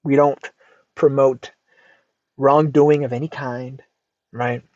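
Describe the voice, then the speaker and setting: An American man hosting a casual advice podcast, reacting to a post in an emphatic, lively way and swearing freely. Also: mid-range voice, takes it slowly, no room sound. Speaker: podcast host. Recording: dull lo-fi dry sound.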